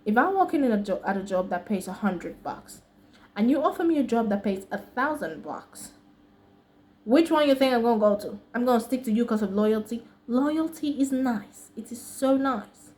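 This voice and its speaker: A woman with a fairly high voice and an American accent tells a story to camera in a casual vlog. Her talk is chatty and slangy, often broken by laughs. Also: animated, normal speed, a little mellow. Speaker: vlogger.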